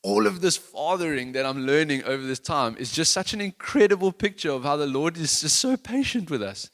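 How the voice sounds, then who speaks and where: A man's voice: on the high side, animated, a little fast. A man preaching a sermon in an earnest, conversational, self-deprecating way, with many restarts. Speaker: worship leader giving a sermon.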